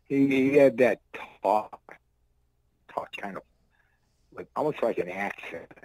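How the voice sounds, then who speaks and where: A man's voice: mid-range voice, expressive, slow, darkish tone, dry recording, poor audio. A man in his sixties, a former wrestler, telling loose, rambling anecdotes in blunt, salty words. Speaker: guest, former pro wrestler. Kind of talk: casual storytelling.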